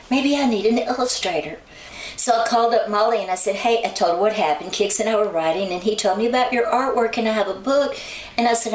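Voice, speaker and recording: This mid-range female voice belongs to a songwriter and author guest who relaxes into casual storytelling during an interview, animating quoted people with spirited changes of voice. The recording sounds roomy and echoey, picked up from a mic some distance away, with faint background noise.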